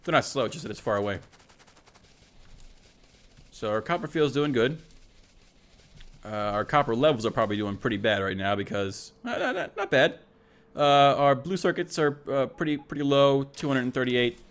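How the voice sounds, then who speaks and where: A man's voice: medium pitch, sing-song, normal speed, pauses often, a bit bright. A man casually narrating his own gameplay, thinking aloud, correcting himself and chatting to the units on screen. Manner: thinks aloud, self-correcting, talks to the robots. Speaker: let's play host.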